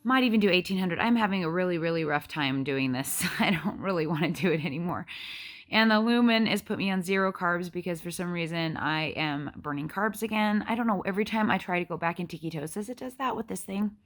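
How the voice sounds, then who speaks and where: A woman's voice: fairly low pitch, fairly quick. A woman in her forties chatting casually in a diet vlog, rambling as she lists out her meals. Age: 40s. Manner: chatty, rambling, counts out food amounts. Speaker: vlogger.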